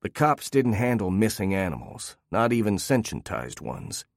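Low-voiced man reading a story. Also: sing-song, normal speed, gravelly, no room sound, studio quality. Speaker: narrator. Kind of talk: first-person audiobook narration.

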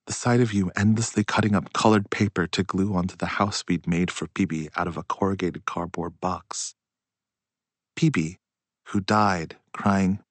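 A man reading a literary story aloud in a slow, hushed and reflective way. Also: deep voice, no room sound. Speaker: audiobook narrator. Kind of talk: literary audiobook narration.

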